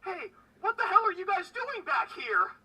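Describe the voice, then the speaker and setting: GM putting on an angry yelling sea elf cook. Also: very high-pitched, animated, voice pushed up, exaggerated voice. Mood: outraged. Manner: yelling, emotional, quick to swear. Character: hot-tempered sea elf cook, male. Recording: distant mic with faint background music.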